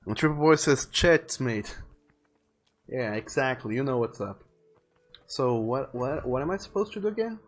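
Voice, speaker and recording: A young man livestreams a video game, chatting casually and rambling as he goes. His voice sits at an average pitch, and he keeps reading viewers' messages aloud. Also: expressive, moderate pace. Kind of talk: casual gaming commentary.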